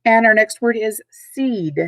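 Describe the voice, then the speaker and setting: A woman teacher giving a recorded vocabulary lesson, speaking patiently and clearly, repeating and spelling out words, recorded at home. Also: fairly high pitch, animated, measured pace, no room sound, low-quality recording. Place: at home, dogs nearby.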